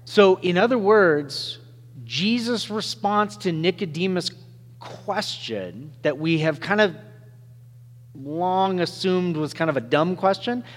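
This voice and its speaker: A man's voice: high-pitched, lively intonation, takes it slowly, long reverb tail. A male pastor delivering a sermon in a conversational way, with joking asides and sudden changes of pace.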